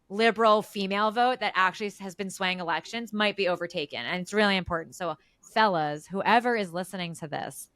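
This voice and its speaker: A woman's voice: mid-range voice, fairly bright tone, dry recording. Emphatic opinionated woman, dry close sound. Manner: emphatic, opinionated, builds points with repeated restarts. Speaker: podcast co-host. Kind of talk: casual political chat.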